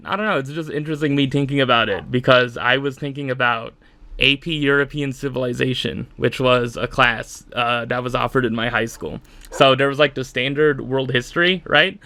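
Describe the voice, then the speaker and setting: Exasperated, bright-voiced young man ranting. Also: medium pitch, fairly even intonation, normal speed, dry recording. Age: mid-20s. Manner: exasperated, rambling with many fillers. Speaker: podcast host. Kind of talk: solo rant.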